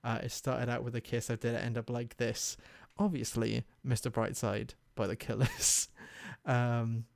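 Young man, casual chat, self-mocking, half-spoken lyrics, mid pitch, dry close sound. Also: level tone, unhurried, gravelly, dry recording. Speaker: video host.

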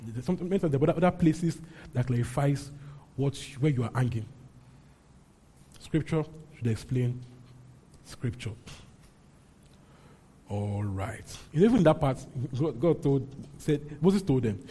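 A man's voice: mid-range voice, expressive, measured pace, long pauses, warm tone, husky. A man preaching a sermon as pastor, emphatic and often checking in with his congregation. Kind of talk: sermon teaching and prayer.

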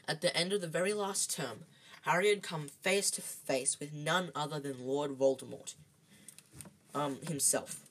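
Amateur storybook reading, trips over words, lots of ums, middle pitch. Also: unhurried, fairly bright tone, husky, rough recording. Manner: reads with slips, restarts and ums. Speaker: reader. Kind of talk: amateur read-aloud of a novel.

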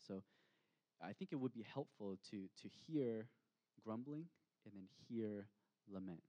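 A man preaching a sermon as pastor, reflective, reading scripture aloud with slow, emphatic pauses. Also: fairly low pitch, lively intonation, mellow, lo-fi sound.

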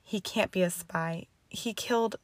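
A woman's voice: mid-range voice, measured pace, no room sound, lightly acted. A woman reading the lines of a young student witch, tense, upset and pleading, in a storybook reading. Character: distressed, defiant young female student witch.

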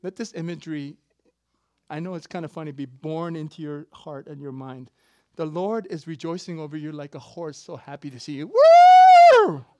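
A preacher giving an animated, playful sermon with sudden shouts and laughter, recorded close and dry. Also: medium pitch, a little fast, dry recording.

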